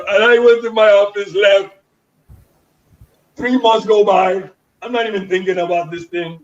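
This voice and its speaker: A high-pitched man from Panama, a guest sharing stories with lively energy and acting out each person's lines. He sits well back from the mic, and the sound is dull and slightly lo-fi. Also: unhurried, pauses often, far from the mic. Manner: animated storyteller who acts out others' dialogue. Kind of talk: casual storytelling interview.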